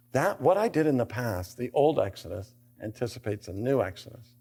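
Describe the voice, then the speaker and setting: A man's voice: fairly low pitch, expressive, normal speed, darkish tone. An older man giving a theology lecture in a classroom, reading scripture aloud and asking rhetorical questions, building to emphatic bursts.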